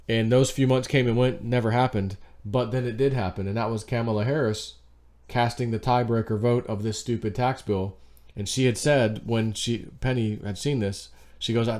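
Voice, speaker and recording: A man's voice: medium pitch, darkish tone. A man hosting his own show, talking in a loose, rambling way, full of "you know" asides and emphatic warnings. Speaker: show host. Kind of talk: casual monologue.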